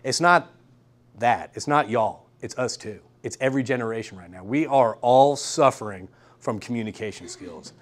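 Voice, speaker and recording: A young man giving an energetic workshop lecture in a classroom, repeating key points and checking in with the room. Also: medium pitch, normal speed. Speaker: guest lecturer. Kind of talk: university workshop talk.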